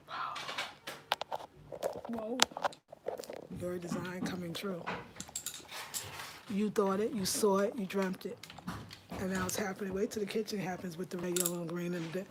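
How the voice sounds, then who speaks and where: A woman hosting a home design live stream from her rented house, chatting excitedly with viewers and calling them y'all. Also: lowish voice, moderate pace, pauses often, very noisy. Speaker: home design channel host.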